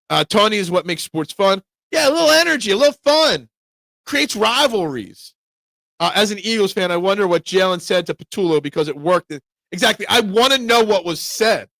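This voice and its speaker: A man hosting a live sports talk show, giving opinionated, excitable fan takes and answering chat. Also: high voice, dry recording.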